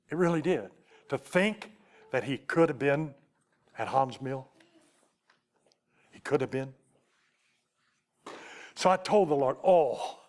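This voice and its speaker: A man preaching, telling a heartfelt story from the pulpit. His voice sits at an everyday middle pitch, and he slows and sinks almost to a whisper at the most tender points before lifting again. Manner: emotional testimony, slows to a hush at tender moments. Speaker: Baptist preacher. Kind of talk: storytelling sermon.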